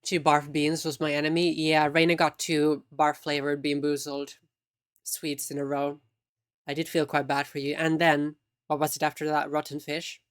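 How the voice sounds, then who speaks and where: Streamer, mid pitch, easygoing chat with viewers, teasing. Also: completely flat delivery, normal speed, clear, resonant tone, no echo, clean studio sound. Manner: chatty, teasing, reacting to chat. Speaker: live streamer.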